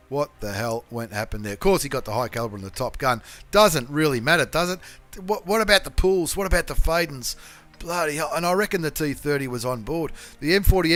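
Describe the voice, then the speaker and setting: A man with a medium-pitched voice hosts a gaming channel, commentating replays in a chatty, slang-heavy style. He breaks into excited shouts and swears along the way.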